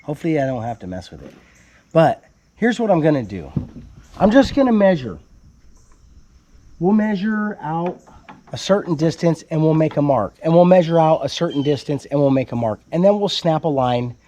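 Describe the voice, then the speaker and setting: A man's voice: a little high, dark tone, a little hiss or hum. A man casually explaining construction work at his building site, joking around as he goes. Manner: playful, joking, calls viewer "baby cakes". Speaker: homesteader building his house.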